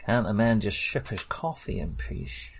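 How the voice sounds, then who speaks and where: A man plays in a tabletop game and makes dry jokes. He speaks slowly in a lowish voice that swings widely in pitch, and clear background noise runs under the recording. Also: animated. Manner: joking, dry humour. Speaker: player. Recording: noisy background.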